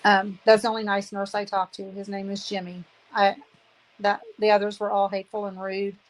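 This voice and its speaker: A woman's voice: medium pitch, flat delivery, brisk, rough recording. A woman in her fifties giving an emotional personal testimony, aggrieved and earnest, repeating phrases for emphasis. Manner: aggrieved, indignant.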